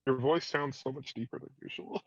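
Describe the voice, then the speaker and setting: A man's voice: medium pitch, fairly even intonation, fairly quick, creaky, lo-fi sound, crowd noise. A man dropping into a voice call on a stream, chatting casually and offhand. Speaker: friend joining a voice call. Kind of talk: casual chat.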